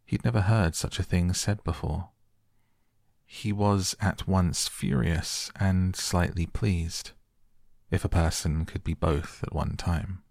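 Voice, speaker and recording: A man reading a storybook aloud softly at bedtime, gentle and unhurried. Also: sits low, steady tone, creaky, dry recording, studio quality. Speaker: audiobook narrator.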